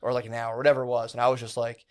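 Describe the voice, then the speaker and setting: A podcast co-host with a mid-range voice tells a story very fast. It's a rambling, casual, animated retelling, stuffed with fillers and swearing.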